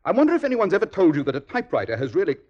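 A brilliant, self-assured detective who lectures and accuses with dry irony in an old radio play. His voice sits a little high and rises and falls with lively emphasis. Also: rapid-fire, lo-fi sound, heavily acted. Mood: lecturing. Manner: crisp, ironic, commanding. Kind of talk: 1940s radio acting.

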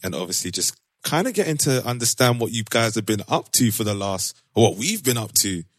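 A man hosting a casual podcast chat, relaxed and laughing often, with plenty of slang. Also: medium pitch, fairly quick, dry recording, studio quality. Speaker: podcast host.

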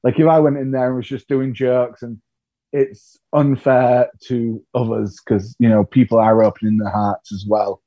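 A man's voice: medium pitch, normal speed, no room sound, highs cut off. A male comedian, telling stories candidly and with self-deprecating humour in a podcast interview. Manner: self-deprecating, animated storytelling. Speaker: comedian guest.

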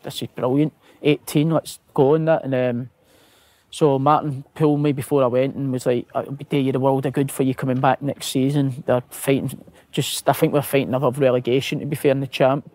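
A man's voice: medium pitch, flat delivery, brisk, darkish tone, no room sound. A Scottish man, a footballer guest, telling anecdotes with laughter, swearing and acted-out quotes. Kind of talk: casual storytelling.

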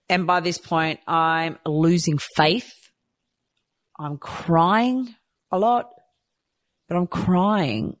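A woman in her thirties telling her own story candidly, swinging between quiet, low moments and excited outbursts, with some swearing. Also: no echo, clean studio sound. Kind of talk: personal storytelling to camera.

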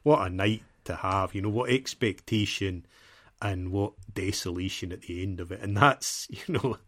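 A man's voice: low voice, normal speed, fairly bright tone. A man co-hosting a football podcast, chatting casually in a rambling, self-deprecating way and laughing often. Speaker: podcast co-host.

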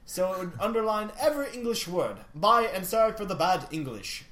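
A man puts on a young foreign fan writing in, reading his broken English in a stiff, halting way. The voice sits a little high and jumps around a lot, and it rings in an echoey room. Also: big pitch swings, fairly bright tone. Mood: earnest. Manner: halting, awkward phrasing.

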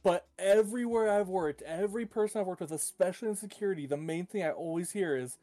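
Big laid-back man, dark mellow voice. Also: sits high, fast, hardly any pauses, faint music behind. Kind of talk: casual chat.

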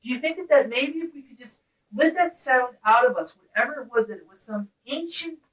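A woman with a high voice gives an intense, blunt lecture to a class, at times letting out wordless cries. She sounds far from the mic, and the room rings with echo. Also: lively intonation, brisk. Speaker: teacher. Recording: roomy, distant, dull-sounding recording.

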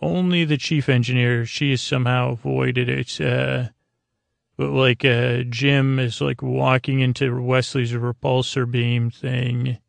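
A man with a deeply gravelly, fry-heavy voice recaps an episode in loose podcast chat. He rambles and restarts often. The sound is dry and close. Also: little pitch movement, measured pace, dry recording. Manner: rambling, many fillers and restarts. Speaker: podcast host.

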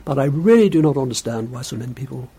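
A man's voice: mid-range voice, lively intonation, fast talker, dark tone, husky. An older man with a Bolton accent under a put-on transatlantic one, guesting on a radio chat with dry, self-mocking humour. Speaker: guest, a co-host's father.

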